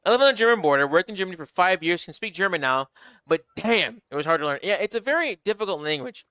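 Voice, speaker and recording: Bright, crisp American man streaming. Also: high-pitched, quick pace, no room sound. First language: English. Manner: rambling and animated, with many fillers and restarts. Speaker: game streamer. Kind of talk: casual live-stream chat.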